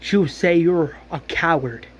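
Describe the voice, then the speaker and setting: A man voicing a grieving young man who pleads with his sister, emotional and halting. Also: on the high side. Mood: pleading.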